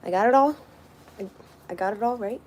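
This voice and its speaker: A woman's voice: fairly high pitch, a little fast, darkish tone, a little hiss or hum. A young woman chatting casually on a livestream from a hotel room, thanking viewers and scolding her puppy.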